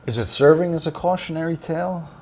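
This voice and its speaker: A man's voice: a little high, quick pace, darkish tone. A man interviewing guests, mostly with short prompts and questions.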